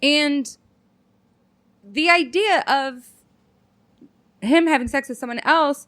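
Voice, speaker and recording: A woman's voice: high voice, takes it slowly, dry recording. A young adult woman comedian, a podcast guest, telling a story with lots of swearing and self-mockery. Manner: animated storytelling with acted quotes and laughs. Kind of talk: casual podcast chat.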